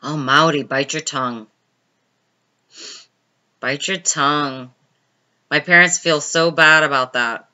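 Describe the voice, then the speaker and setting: Bright-voiced chatty woman live streamer. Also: sits low, fairly even intonation, takes it slowly, long pauses, highs cut off. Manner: chatty, laughs often, answers viewer comments by name. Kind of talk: casual live stream chat with viewers.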